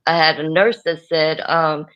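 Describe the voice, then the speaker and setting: A woman's voice: low voice, steady tone, unhurried, highs cut off. A woman speaking as an activist guest on a live-stream chat, outspoken and unapologetic.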